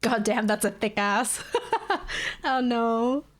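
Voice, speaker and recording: A woman's voice: a little high, fairly even intonation, takes it slowly. Laughing, swearing woman streamer. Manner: laughing, profane storytelling. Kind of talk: casual chat.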